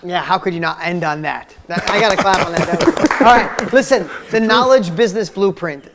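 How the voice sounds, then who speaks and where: A woman's voice: lowish voice, a little fast, heavy background noise. Upbeat woman hosting a webinar. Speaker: webinar host. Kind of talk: webinar course walkthrough.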